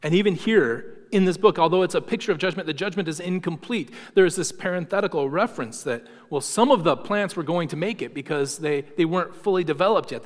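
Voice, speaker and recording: A man preaching a sermon, telling stories and slowing down for emphasis. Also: a little high. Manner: storytelling, emphatic with slowed dramatic phrases. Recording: long hall reverb.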